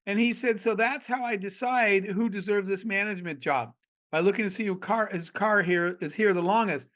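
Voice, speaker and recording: A middle-aged man from Arizona, an entrepreneur guest on a podcast, telling animated stories and acting out the dialogue. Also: high-pitched, normal speed. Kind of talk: storytelling in a podcast interview.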